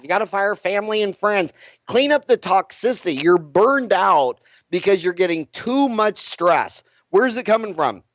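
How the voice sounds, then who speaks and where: A man's voice: sits high, dry recording. A middle-aged dentist, a man, talking bluntly and with emphasis as an interview guest, often repeating his words. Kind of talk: casual interview talk. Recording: dull lo-fi recording.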